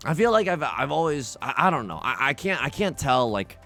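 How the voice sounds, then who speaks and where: Young man, game commentary, lively swooping pitch, faint music behind. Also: a little fast. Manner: rambling, self-interrupting, frequent restarts. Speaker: let's play host.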